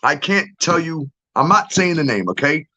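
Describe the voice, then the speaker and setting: A man's voice: on the high side, very animated, normal speed, sharp tone. A middle-aged man in a casual, profane ranting monologue, bluntly laying out his theory and keeping on asking "okay?". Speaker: true-crime commentator. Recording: dull lo-fi audio.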